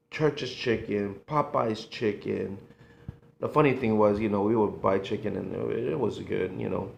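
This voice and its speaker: Middle-aged male vlogger, slow gravelly delivery, nostalgic and halting, roomy echo. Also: lowish voice, slight background noise. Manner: emotional, halting, sighing, nostalgic. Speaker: food vlogger. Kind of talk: casual reminiscing monologue. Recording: echoey room.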